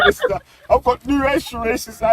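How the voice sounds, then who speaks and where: Laughing Nottingham man with a high, swooping voice. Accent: Nottingham English. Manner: laughs constantly, swears, slangy banter. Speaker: streamer reacting to videos. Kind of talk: casual reaction chat.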